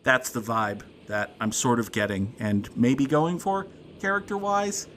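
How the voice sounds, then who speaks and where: A man's voice: mid-range voice, measured pace, a bit bright, a little hiss or hum. Laughing man commenting on gameplay. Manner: joking, laughs often, wry asides. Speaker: let's play host.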